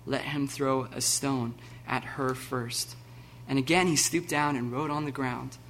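Animated preaching man, bright voice. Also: mid-range voice, a little slow, slight background noise. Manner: animated, laughing, acting out scenes with sudden loud bursts. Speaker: pastor. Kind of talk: sermon.

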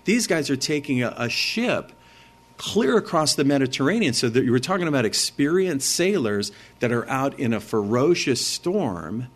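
Man, pastor, sermon, earnest, conversational preaching, mid-pitched voice. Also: big pitch swings, normal speed.

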